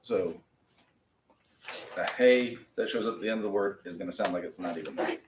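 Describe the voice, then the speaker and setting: Patient male teacher, low voice, roomy. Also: a little fast. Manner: patient, explains step by step. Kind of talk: classroom lesson. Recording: roomy, from a distance, faint noise.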